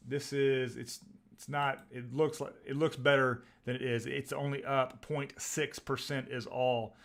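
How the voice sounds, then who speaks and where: Texas-born male stream host, excitable and rambling, live stock trading commentary. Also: medium pitch, a little slow. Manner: rambling, excitable, reads out tickers.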